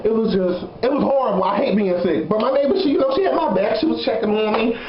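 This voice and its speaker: A young man telling a story in a casual vlog, sassy and animated, laughing often. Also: high-pitched, quick pace, roomy sound, dull audio, noisy background. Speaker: vlogger.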